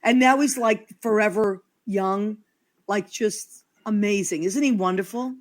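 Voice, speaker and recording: A woman's voice: mid-range voice, unhurried. A woman hosting a casual chat show, gushing and affectionate with her guests. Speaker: host.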